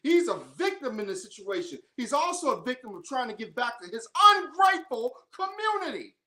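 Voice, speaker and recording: Female sports-show host, higher register, emphatic and fired up, solo opinion commentary. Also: big pitch swings, a little fast, sharp tone. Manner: heated, ranting, emphatic.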